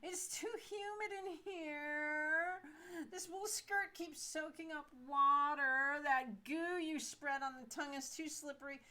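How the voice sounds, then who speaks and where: A woman doing a shrill whiny young actress. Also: steady tone, takes it slowly, hardly any pauses, bright, forceful tone, heavily acted. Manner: high whining pout.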